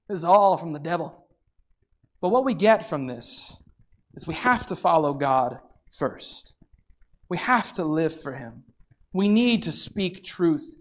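A preacher giving a sermon, retelling a scripture story with lively storytelling and voices for the people in it. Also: medium pitch. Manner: animated storytelling, acting out voices.

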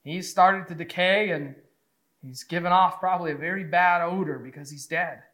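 Man playing Martha, devout practical woman, hesitant, matter-of-fact, high voice. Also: moderate pace, fairly bright tone.

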